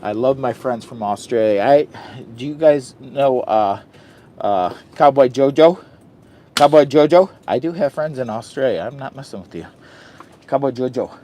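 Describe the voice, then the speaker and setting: A man's voice: mid-range voice, normal speed, warm tone, a little hiss or hum. A man chatting casually to the camera while camping in a hot tent, goofy and loopy, joking about himself in the third person. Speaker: camping vlogger. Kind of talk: casual vlog chat to camera.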